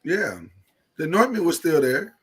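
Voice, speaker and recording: A man's slightly rough, a-little-high voice comes through a rough recording at a moderate pace. He's a podcast co-host in the studio, playfully bantering in jokey preacher fashion, mocking a church service during casual chat.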